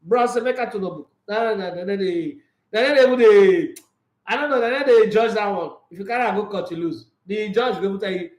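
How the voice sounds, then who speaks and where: Talking a little fast in a high voice, a Nigerian-accented man runs a laid-back sports livestream. He's lively, laughs frequently, and alternates Pidgin with English in an echoey room.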